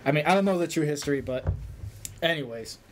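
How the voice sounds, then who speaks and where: A man's voice: a little high, lively intonation, fast talker, a little hiss or hum. Laid-back joking male guest. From Massachusetts, USA. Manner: loose, joking, slightly stumbling. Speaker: guest filmmaker. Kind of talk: casual interview chat.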